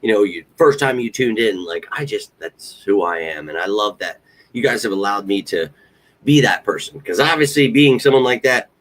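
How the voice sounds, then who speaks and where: A man hosts a casual sports talk show in a lowish voice. He rambles warmly, mixes sincere thanks with casual swearing, and gets worked up about his team. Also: lively intonation, normal speed. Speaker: podcast host.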